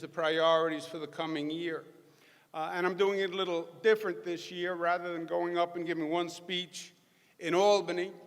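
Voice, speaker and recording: A man with a Queens accent delivers a punchy, folksy speech in a large hall with long reverb. His voice sits high and sounds forceful and bright as he rouses the audience. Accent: New York, Queens. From New York. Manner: folksy, emphatic, punchy crowd-rousing delivery. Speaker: politician giving a speech. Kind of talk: rally speech.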